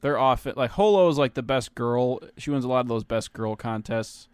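A man's voice: medium pitch, normal speed, clean tone. A man co-hosting a podcast in casual chat, rambling, swearing freely and laughing easily. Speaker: podcast co-host.

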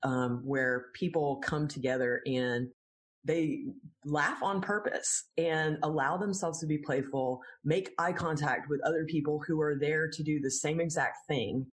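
A woman's voice: deep voice, unhurried. A woman who teaches laughter yoga, explaining it in a friendly way in an interview and laughing easily. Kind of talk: interview answers.

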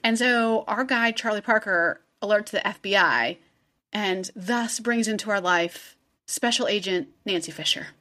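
A woman's voice: medium pitch, a little slow, sharp tone. Chatty woman retelling a case. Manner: chatty storyteller, heavy 'like', acts out quotes, laughs often. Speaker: podcast co-host telling the story. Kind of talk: casual true-crime chat.

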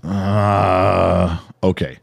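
A man's voice: deep voice, level tone, drawn-out words, vocal fry, slightly rough. A middle-aged man co-hosting a podcast, telling a story in casual chat, profane and exasperated, acting out what people said. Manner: profane, exasperated, acts out quotes. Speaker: podcast co-host.

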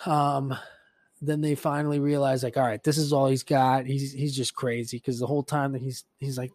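Man, podcast host, casual rambling retelling, swears a lot, mid pitch, dry close sound. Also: level tone, moderate pace, a little mellow, no echo. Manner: profane, rambling storytelling with filler words.

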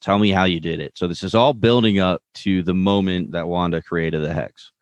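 Low-voiced male co-host, relaxed recap talker, dry close mic. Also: normal speed, dry recording. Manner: relaxed, retells scenes with loose paraphrased quotes. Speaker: podcast co-host recapping a TV episode. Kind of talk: casual chat.

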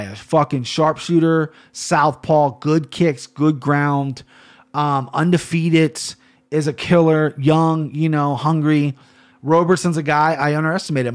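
A man hosting a solo podcast, talking casually in an animated, profane, rambling way. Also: on the high side. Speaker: podcast host.

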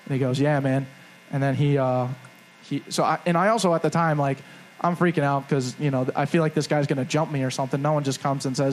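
A man's voice: medium pitch, little pitch movement, a little fast, slight background noise, rough recording. A young man co-hosting a live podcast show on stage, telling a rambling, self-mocking story and acting out the quotes. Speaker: podcast co-host. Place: live stage before a crowd.

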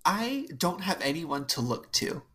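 A woman co-hosting a podcast, casually telling a family story in a wry, amused way with drawn-out asides. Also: lowish voice, big pitch swings, a loud crowd. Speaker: podcast co-host.

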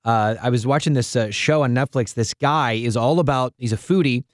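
A man hosting a casual faith-focused chat, a playful and animated storyteller. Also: medium pitch, normal speed, no echo, studio quality. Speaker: podcast host.

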